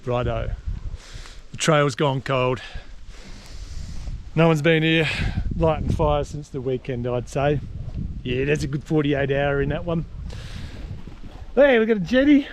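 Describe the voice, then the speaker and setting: A man's voice: mid-range voice, fairly even intonation, measured pace, pauses often, a little hiss or hum. A man in a casual travel vlog, talking outdoors by a mountain lake in a chatty, self-mocking way. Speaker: travel vlogger.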